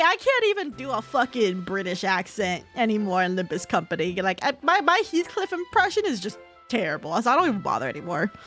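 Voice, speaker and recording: A woman's voice: medium pitch, a bit bright. A young adult woman streaming, chatting casually with viewers, rambling, laughing often and swearing casually. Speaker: VTuber streamer. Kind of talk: casual chat with viewers while reading chat.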